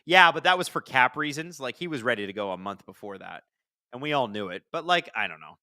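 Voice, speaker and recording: A man hosts a casual live hockey watch-along, rambling through viewer questions in a bright, forceful voice. The sound is close and dry, with no room around it. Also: medium pitch, brisk, no room sound. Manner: chatty, rambling, answers chat questions; bursts into excited shouts at big plays. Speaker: hockey livestream host.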